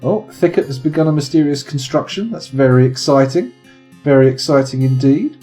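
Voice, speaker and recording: A man's voice: mid-range voice, a little fast, mellow, soft background music. A man giving casual live commentary on a strategy game, chatting to viewers and swearing freely. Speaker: streamer.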